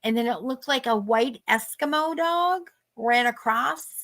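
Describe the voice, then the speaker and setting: A middle-aged woman, telling animated stories in casual chat and acting out the people she quotes. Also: fairly high pitch, unhurried. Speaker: host.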